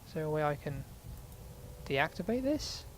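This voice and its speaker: Man, let's play host, rambling casual commentary, swears, self-mocking, slightly high voice, faint room ambience. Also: very animated, moderate pace, slight background noise.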